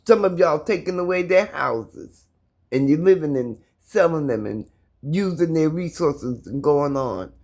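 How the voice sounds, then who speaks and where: Husky middle-aged woman on her phone at home, fighting back tears, preaching hard at her viewers. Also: sits low, lively intonation, a little slow, darkish tone. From United States. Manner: impassioned, repetitive, addresses viewers directly. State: holding back tears, stuttering. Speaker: vlogger. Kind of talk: emotional personal video. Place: her apartment, indoors.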